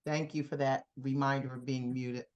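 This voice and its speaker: A woman from the program committee giving measured, gracious thanks on a video call. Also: a bass voice, flat delivery, a little mellow.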